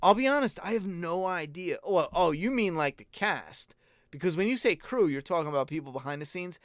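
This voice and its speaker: Blunt, foul-mouthed man with a fairly high voice. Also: expressive, a little fast, no room sound, studio quality. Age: adult parent. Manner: profane, rambling, blunt. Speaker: host answering viewer questions. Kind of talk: casual live-stream Q&A chat.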